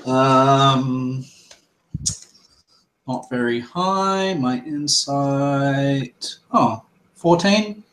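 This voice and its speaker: A man's voice: mid-range voice, expressive, drawn-out words, pauses often, fairly bright tone, a little hiss or hum. A man playing a tabletop game, thinking aloud and describing his character's actions. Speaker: player. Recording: echoey room.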